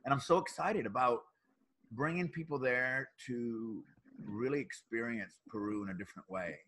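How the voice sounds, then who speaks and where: This husky-voiced man in his fifties has a bright, forceful edge to his speech. He tells stories with energy, laughs often and stumbles over repeated words as he goes. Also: medium pitch, normal speed, rough recording. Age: 50s. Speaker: podcast guest. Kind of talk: animated storytelling.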